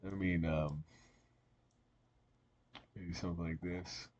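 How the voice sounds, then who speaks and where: A man with a very low, flat voice gives casual trading chart commentary. He rambles, circling back with ums and restarts. The audio sounds dull and lo-fi, with faint hiss behind him. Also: slow. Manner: rambling, many fillers and restarts. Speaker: market analyst.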